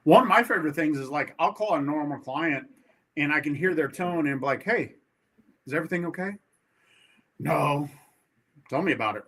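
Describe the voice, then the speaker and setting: A man's voice: fairly high pitch, fast, fairly bright tone. A man who is a guest on a podcast, talking eagerly with a lot of stumbling restarts and acting out phone calls with clients. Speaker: podcast guest, sales rep. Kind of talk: casual chat.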